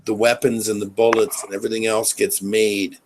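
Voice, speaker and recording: A man's voice: lowish voice, level tone, fairly quick, slight background noise, poor audio. A man hosting a casual live chat on a video call, questioning and pushing back on his guest. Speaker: host.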